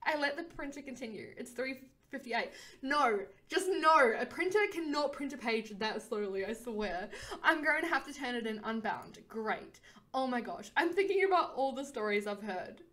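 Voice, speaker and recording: A woman reading a story game aloud in an expressive way, narrating and voicing the heroine with frequent laughs. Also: fairly high pitch, normal speed. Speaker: game streamer. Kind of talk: reading a visual novel aloud.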